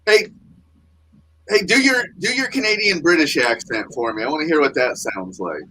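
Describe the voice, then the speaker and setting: A man joking with quick, animated interjections in casual chat. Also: fairly high pitch, slight background noise, rough recording.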